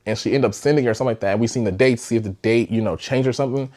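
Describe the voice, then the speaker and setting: A young man hosting a podcast, telling a personal relationship story in a candid, rambling way, swearing freely and sometimes sinking to a hush. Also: mid-range voice, very fast. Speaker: podcast host. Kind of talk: casual storytime.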